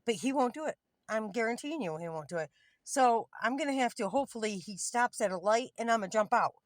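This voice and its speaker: A woman's voice: fairly high pitch, expressive, a little fast, dry recording. Woman, fifties, candid rambling vlog, parked car, phone mic, dry sound. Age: 50s. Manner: rambling, candid, gets heated. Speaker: vlogger. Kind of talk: casual selfie vlog. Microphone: phone camera.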